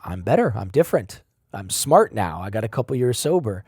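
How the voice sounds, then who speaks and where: A man's voice: on the low side, a little fast, husky, no echo, clean studio sound. Blunt, swearing man telling his story. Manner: animated, swings between loud and quiet. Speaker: podcast guest. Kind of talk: emotional personal storytelling.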